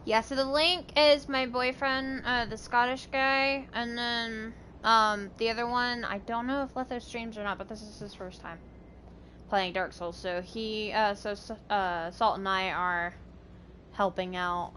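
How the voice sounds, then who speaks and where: Bright-voiced chatty female streamer. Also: fairly high pitch, fairly even intonation, a little slow, a little hiss or hum. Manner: chatty, playful, talks to chat. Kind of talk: casual live game stream chat.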